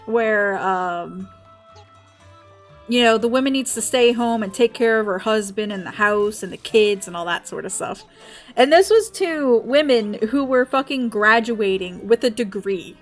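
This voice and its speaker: Animated woman streamer. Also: fairly high pitch, unhurried, faint music behind. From Southern United States. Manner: animated, laughs often and swears freely. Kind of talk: casual chat while gaming.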